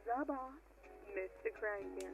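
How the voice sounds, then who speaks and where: A woman voicing a cheery female presenter in a retro commercial, with a bubbly sales pitch. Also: takes it slowly, over music. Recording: dull lo-fi old ad recording.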